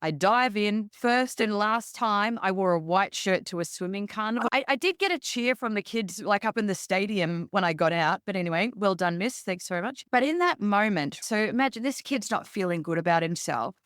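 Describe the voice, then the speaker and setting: A woman with an Australian accent, a leadership expert guest telling stories in a relaxed interview and acting out quotes as she goes. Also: medium pitch, moderate pace, hardly any pauses, clear, resonant tone, dry recording, studio quality. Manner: lively, acts out quotes in her stories. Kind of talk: conversational interview storytelling.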